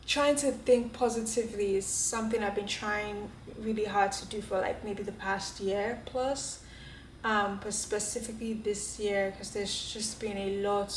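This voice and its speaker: Here a young woman with a medium-pitched voice talks casually to her camera from her apartment, often breaking into laughter as she reflects candidly on herself. There's a bit of hiss or hum, and the indoor room gives the audio a roomy echo.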